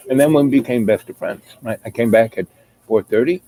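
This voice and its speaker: A man's voice: mid-range voice, dark tone, rough recording. A middle-aged man telling a long personal anecdote in a rambling, casual way, full of fillers and asides. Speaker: storyteller.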